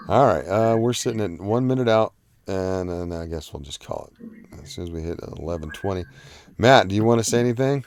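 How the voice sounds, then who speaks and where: A man's voice: deep voice, expressive, a little fast, a little mellow, slight background noise. A man hosting a live online panel in casual chat, rambling with fillers and easy laughs. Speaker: livestream host.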